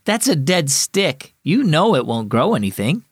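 A man's voice: fairly high pitch, big pitch swings, unhurried, husky, no room sound, studio quality, full character voice. A man voicing a discouraged schoolboy who mutters and stammers in a raised voice. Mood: amused. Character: troubled schoolboy, glum and discouraged.

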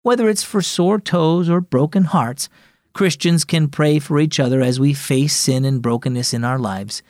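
A man voicing a gentle, caring mother in a children's story, speaking calmly and reassuringly. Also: on the high side, moderate pace, no echo, studio quality, natural voice.

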